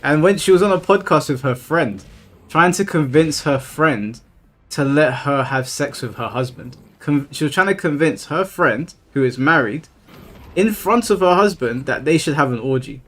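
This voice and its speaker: A man's voice: a little high, lively intonation, moderate pace, fairly bright tone. A young man, chatting casually and ranting with plenty of swearing on his live stream, exasperated.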